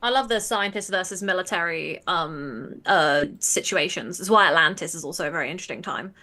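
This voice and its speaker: A woman's voice: lowish voice, brisk, sharp tone. A woman co-hosting a live episode rewatch show, chatting casually, laughing easily and restarting her sentences. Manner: chatty, giggly, restarts often. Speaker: podcast co-host.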